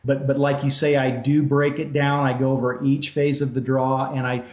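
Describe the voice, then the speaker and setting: A man's voice: medium pitch, normal speed. A man from Arizona explains technique at an easy pace, full of ums and restarts. His voice comes through a muffled phone line. The room around him echoes. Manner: relaxed, explanatory, many fillers. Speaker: elk hunting guide.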